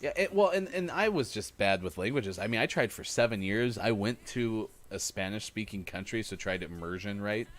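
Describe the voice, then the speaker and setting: A man's voice: on the low side, expressive, normal speed, hardly any pauses, soft background music. A man hosting a morning show over voice chat, chatting casually, laughing often and poking fun at himself. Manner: giggly, self-deprecating, laughs often. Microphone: calling in over voice chat.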